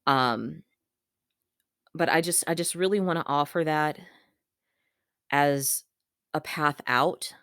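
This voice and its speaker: A woman talking candidly to camera in an earnest, gentle way, pausing and repeating herself as she shares a coping tip. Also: deep voice, smooth, no room sound, clean studio sound. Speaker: vlogger sharing a coping tip. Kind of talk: candid personal talk to camera.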